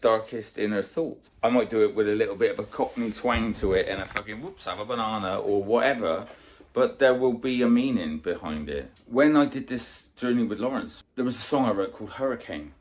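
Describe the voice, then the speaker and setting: A man in a casual motivational vlog, coaching on weight loss in a blunt, sweary, animated way. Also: fairly low pitch.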